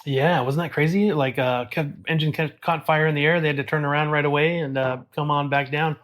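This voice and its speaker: Opinionated, candid podcast co-host. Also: male voice, a little high, steady tone, brisk, fairly bright tone. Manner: opinionated, candid, laughs easily. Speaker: podcast co-host, airport bartender. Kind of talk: casual chat.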